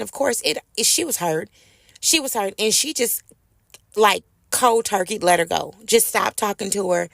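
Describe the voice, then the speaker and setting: A woman's voice: mid-range voice, gravelly, fairly bright tone, dry recording, clean studio sound. A middle-aged woman, telling a personal story casually to her viewers and calling them y'all. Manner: chatty, addresses listeners as y'all. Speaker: host.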